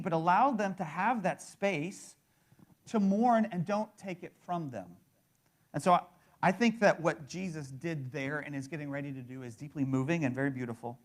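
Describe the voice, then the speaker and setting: A man's voice: fairly high pitch, lively intonation, normal speed. A man in his thirties preaching a sermon in a conversational way, often restarting and checking in with the listeners. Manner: conversational, repeats words and restarts, fills with "right?". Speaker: pastor.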